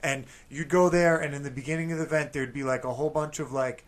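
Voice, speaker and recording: A man with a slightly high voice remembers the past in casual podcast chat. He rambles in a relaxed way. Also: fast talker.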